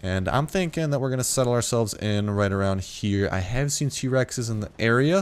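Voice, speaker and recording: A young man with a fairly low voice, chatting loosely as he plays a game late at night. He sounds tired, swears casually, restarts his sentences, and now and then his voice leaps up in startled disbelief. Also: lively intonation, fairly quick, hardly any pauses. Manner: chatty, swears freely, rambling with restarts, yelps in surprise. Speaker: gaming youtuber. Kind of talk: casual let's play commentary.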